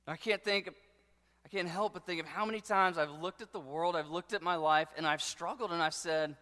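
A man preaching a sermon with passion, dropping to a hush and then rising to loud declarations. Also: a little high, moderate pace. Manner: impassioned preaching, swinging between hushed and loud. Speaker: pastor. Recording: long hall reverb.

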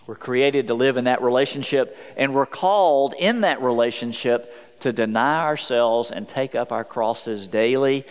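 A male pastor delivers an earnest sermon at a mid pitch. He slows down for quoted scripture, and his voice rings with a long reverb, as if from a large church hall. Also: smooth.

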